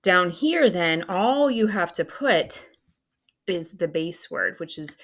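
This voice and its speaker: A woman's voice: lowish voice, expressive, slow pace. A woman teacher walking through a phonics worksheet, patiently spelling out words letter by letter while she writes on a screen. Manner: self-talk while writing on screen. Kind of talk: phonics lesson walkthrough.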